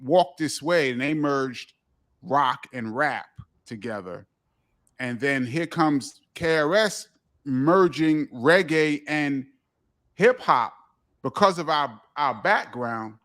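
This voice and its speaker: Middle-aged New man, animated interview guest who acts out quotes, a touch high. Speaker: guest, DJ and author. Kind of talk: casual storytelling interview.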